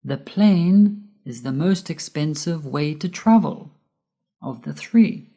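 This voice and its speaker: A woman with a low, mellow voice reads out a grammar lesson at an unhurried pace. Her first language is Spanish, and she spells out letters one by one and leans on the key words. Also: animated. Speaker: English teacher. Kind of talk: slow scripted grammar lesson.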